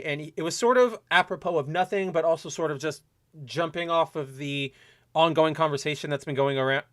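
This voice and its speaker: A young man hosting a casual solo podcast, delivering an animated, opinionated rant from his home setup. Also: a little high, no echo, studio quality. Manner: animated ranting, mocking quoted voices. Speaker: podcast host.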